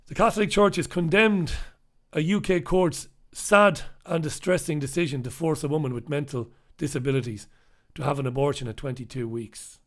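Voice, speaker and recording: A live news review host with a fairly high voice talks at normal speed and barely pauses. His solo commentary on the papers is impassioned and emphatic, with repeated points for weight, blunt language, and occasional swearing.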